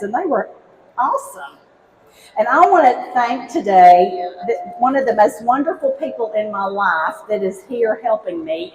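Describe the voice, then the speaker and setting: A woman's voice: on the high side, a little mellow, slight background noise, rough recording. Cheerful Southern woman demonstrating a recipe on stage. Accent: Southern American, Alabama. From Alabama, United States. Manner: cheerful, folksy, chatty, keeps calling on the crowd. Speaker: cooking demonstrator, former high school teacher. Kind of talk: live cooking demo for an audience. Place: outdoor cooking stage with a live audience.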